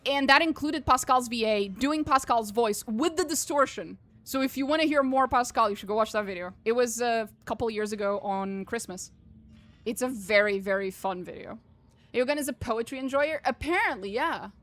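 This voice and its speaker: A woman's voice: fairly high pitch, moderate pace, a bit bright. A woman streaming a game, joking and swearing casually as she reacts to the text. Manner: profane, joking, reads game text aloud. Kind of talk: casual gameplay commentary.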